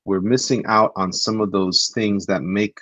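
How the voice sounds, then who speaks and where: A man's voice: on the low side, fairly even intonation, a little slow, fairly bright tone, dry recording. A man hosting a live stream and reading the chat, talking hesitantly with many restarts. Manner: hesitant, restarts a lot, repeats "listen".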